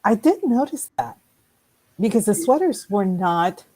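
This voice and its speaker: A woman co-hosting a casual podcast chat, speaking slowly and laughing often. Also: medium pitch, very animated, mellow. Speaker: podcast co-host.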